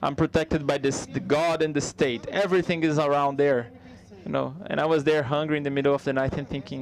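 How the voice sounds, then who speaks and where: Male live interpreter voicing a comedy routine; somewhat high pitch, conversational, halting with restarts. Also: fairly even intonation, creaky.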